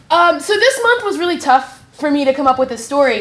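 A woman's voice: sits high, lively intonation, unhurried, pauses often, a bit bright. A woman telling a personal story onstage before an audience, bashful and giggly, poking fun at herself. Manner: bashful, giggly, self-deprecating. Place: stage before a live audience. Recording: echoey room with audience laughter.

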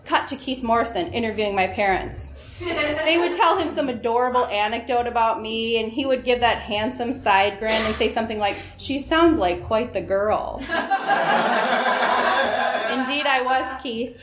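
A woman's voice: on the high side, moderate pace, echoey room, very noisy. A woman telling a personal story to an audience, wry and self-mocking, often laughing at her own lines.

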